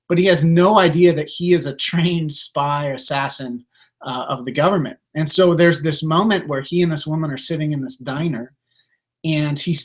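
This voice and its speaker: Male pastor, slightly high voice, casual chatty sermon full of fillers. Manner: conversational, many fillers and restarts.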